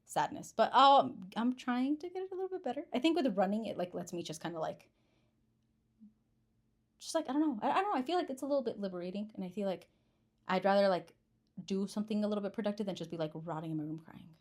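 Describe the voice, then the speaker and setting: A woman's voice: medium pitch, animated, fast. A woman in her twenties chatting casually as a podcast guest, rambling and self-deprecating, with lots of fillers. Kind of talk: casual chat.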